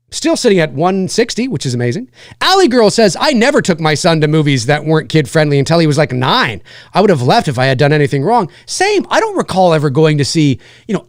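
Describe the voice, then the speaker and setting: A man's voice: on the high side, no echo, studio quality. A man hosting a live show, ranting casually and acting out little scenes, with a swear here and there. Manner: animated, acts out scenes, swears. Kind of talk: casual livestream rant.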